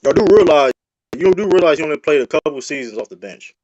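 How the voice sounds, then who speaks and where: A man with a deep voice in a heated panel debate, talking loud and repeating himself defensively. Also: lively intonation, fast, no echo. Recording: dry, dull lo-fi sound.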